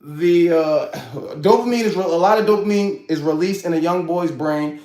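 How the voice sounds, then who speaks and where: Chatty high-voiced man in his forties. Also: normal speed, a little mellow, echoey room. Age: 40s. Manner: chatty, laughs often, repeats "you know what I'm saying". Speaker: host. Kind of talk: casual talk to camera.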